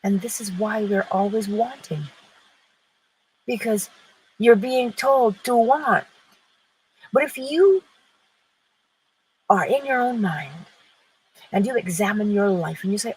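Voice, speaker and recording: Woman host giving an inspirational talk; husky, animated pitch, emphatic delivery. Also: unhurried, rough recording. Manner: emphatic, asks rhetorical questions and answers them.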